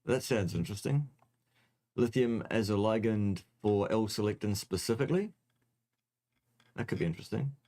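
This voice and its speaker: Teasing low-voiced male host. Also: lively intonation, moderate pace, long pauses, dark tone. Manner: dry, teasing, jokey. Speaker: host answering viewer questions. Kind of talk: casual livestream chat.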